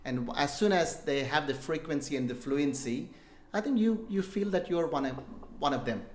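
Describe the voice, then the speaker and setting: A man's voice: on the high side, animated, normal speed, slight background noise. A man from India, speaking as a podcast guest and giving earnest, emphatic advice. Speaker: guest entrepreneur. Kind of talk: podcast conversation. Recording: echoey room.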